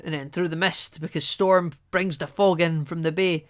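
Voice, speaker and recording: A man's voice: on the high side, fairly even intonation, moderate pace, fairly bright tone. A man co-hosting a casual movie-review podcast, chatty and laughing often, acting out characters' lines as he talks. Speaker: podcast co-host.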